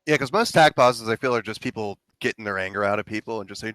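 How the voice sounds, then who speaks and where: A man co-hosting a stream reviewing his team's match, telling stories in casual chat and getting loud when quoting his own shouts. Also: on the low side, quick pace, no room sound.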